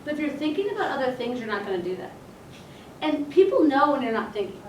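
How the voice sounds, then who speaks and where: A woman's voice: sits high, sing-song, quick pace, darkish tone, a little hiss or hum. Chatty woman chiropractor in an echoey room. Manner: casual, chatty, acts out quoted dialogue. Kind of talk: motivational seminar talk. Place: meeting room. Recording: echoey room, mic at a distance.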